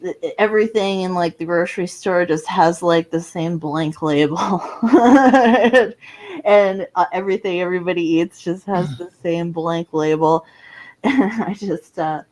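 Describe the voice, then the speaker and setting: A woman's voice: on the low side, unhurried, a little mellow. A woman co-hosting a podcast, talking loosely in a rambling casual chat. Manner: rambling, loose, many fillers.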